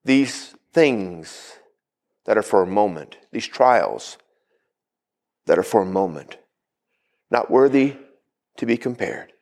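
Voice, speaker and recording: A man's voice: lowish voice, very animated, slow pace, gravelly, pauses often, darkish tone. A male pastor preaching a sermon, calling out to the congregation for responses.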